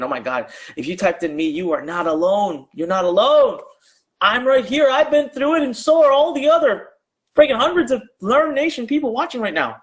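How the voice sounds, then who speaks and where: High-voiced man pitching a live stream. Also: a bit bright. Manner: urgent and conversational, drives audience to type replies in chat; casual with fillers and slang. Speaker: online business coach.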